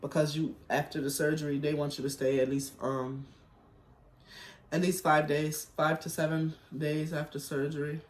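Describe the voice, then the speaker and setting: A man's voice: a little high, little pitch movement, normal speed. A middle-aged man telling a personal story in a rambling, chatty way at home, heavy on slang and fillers. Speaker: vlogger. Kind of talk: casual storytelling chat. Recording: roomy echo.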